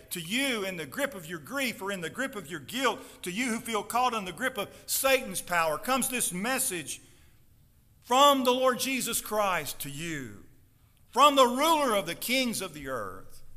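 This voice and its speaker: Emphatic preacher in a reverberant church. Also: male voice, high-pitched. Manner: emphatic preaching, swelling to loud declarations. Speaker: pastor. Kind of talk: sermon. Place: church sanctuary.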